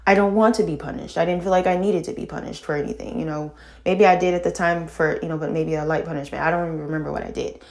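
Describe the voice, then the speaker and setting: A middle-aged woman telling a painful personal story in casual talk, halting and full of fillers and restarts, sighing and shaken. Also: on the low side, fairly even intonation, darkish tone. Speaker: vlogger telling her own story.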